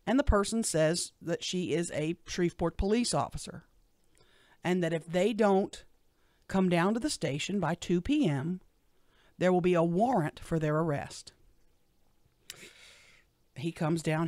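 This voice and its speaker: A middle-aged woman, a radio show guest telling a personal story in an animated way. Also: on the low side, unhurried, long pauses, no echo, studio quality. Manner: animated storyteller, acts out what others said.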